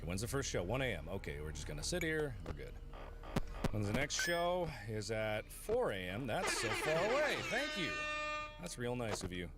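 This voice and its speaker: A man streaming a video game, commenting live, swearing, sarcastic and bursting into loud rages. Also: medium pitch, very animated, moderate pace. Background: loud game music.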